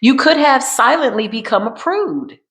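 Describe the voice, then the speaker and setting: A woman's voice: a little high, lively intonation, moderate pace, a bit bright. A woman doing a casual tarot card reading, talking in an emphatic, repetitive and colloquial way and calling her viewers y'all.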